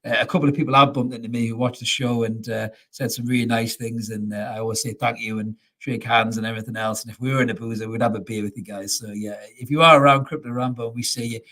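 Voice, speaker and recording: A man's voice: mid-range voice, steady tone, fast, hardly any pauses, sharp tone. A man hosting a casual football fan show, chatty, laughing often and calling people mate. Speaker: fan podcast host.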